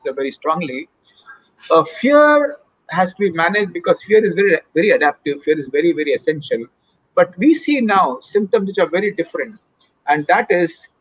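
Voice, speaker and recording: A man with an Indian accent speaks earnestly as an expert guest, lecturing and dropping Hindi phrases into his English. His voice sits fairly high and has a husky edge. The sound is dry and a little dull, like lo-fi video-call audio. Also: no echo. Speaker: mental health expert guest. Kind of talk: explanatory expert talk in a live Q&A.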